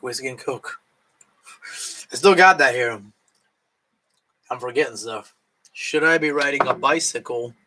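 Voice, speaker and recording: A drunk man chats loosely on a late-night live stream, his voice bright and forward. He rambles from one thought to the next, swearing often and chewing food as he talks. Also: medium pitch, low-quality recording.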